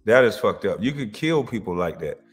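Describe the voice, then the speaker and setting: Animated guy reacting to clips, kinda low voice, echoey hall sound. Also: moderate pace, soft background music. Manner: animated, laughing, swings from loud to muttered. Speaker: reaction video host. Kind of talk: casual reaction commentary.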